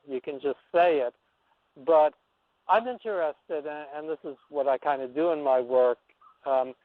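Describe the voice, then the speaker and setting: A man's voice: on the high side, no echo. A man in his sixties, an anthropologist guesting on a radio show, telling a story in a reflective, wandering way and often restarting his sentences. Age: 60s. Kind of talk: rambling storytelling on a call-in interview. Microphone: telephone. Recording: dry, tinny phone line.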